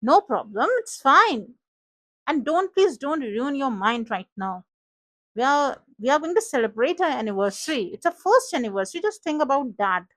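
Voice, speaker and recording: A calm young wife with an Indian accent, as a woman storyteller puts her on. She speaks gently and reassuringly in a fairly high voice. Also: normal speed, dry recording. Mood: soothing.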